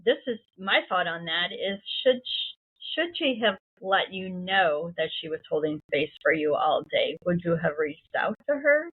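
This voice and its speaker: A woman's voice: on the low side, animated, measured pace, slightly rough. A woman hosting a podcast, encouraging her guest and asking reflective questions. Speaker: podcast host. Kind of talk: supportive interview. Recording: tinny phone-like line.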